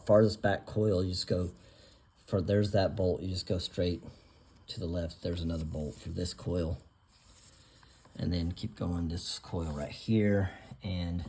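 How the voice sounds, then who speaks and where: Slow-talking man with a low voice. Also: warm tone, a little hiss or hum. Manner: joking, self-deprecating asides. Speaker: DIY car mechanic host. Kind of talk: casual how-to narration while working.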